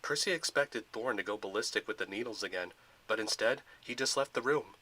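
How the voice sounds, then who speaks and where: Bright-voiced man narrating a story. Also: on the low side, brisk, husky. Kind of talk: storybook narration of a Lego fan film.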